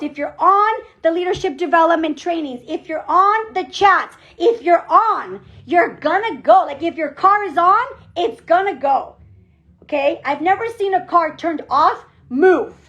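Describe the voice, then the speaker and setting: A woman team leader giving an energetic motivational pep talk on a group call, emphatic and repeating her phrases. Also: very high voice. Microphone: call audio.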